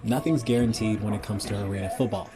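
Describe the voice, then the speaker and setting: A man narrating a scripted news feature in a measured, earnest way. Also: lowish voice. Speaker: news reporter. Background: music.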